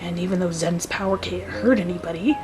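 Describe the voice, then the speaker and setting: A woman's voice: fairly low pitch, brisk, lightly acted, low-quality recording. A woman voicing a guarded, irritable teenage boy in an amateur voice drama, answering with short, defensive retorts. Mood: subdued. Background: background music.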